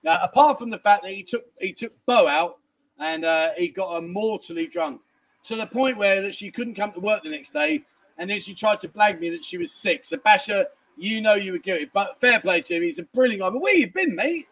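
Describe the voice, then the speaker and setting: A middle-aged man with a notably high-pitched voice, chatting casually on a livestream. He banters cheekily with viewers as he works through their comments, sounding short on sleep. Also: brisk, a bit bright. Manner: cheeky, banters and laughs while reading comments. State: tired from lack of sleep. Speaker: livestream host.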